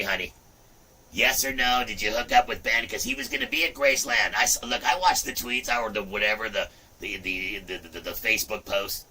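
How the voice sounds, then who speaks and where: A middle-aged man hosting a livestream, talking in a rambling, profane way with loud outbursts. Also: fairly low pitch, recorded from a distance. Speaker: livestream host. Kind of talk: rambling casual livestream chat.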